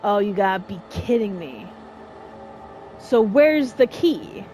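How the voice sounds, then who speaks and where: A woman giving casual let's-play commentary on a horror game, chatty and excitable, talking to herself and shouting at the game. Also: mid-range voice, takes it slowly, noisy background. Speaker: gamer playing a horror game.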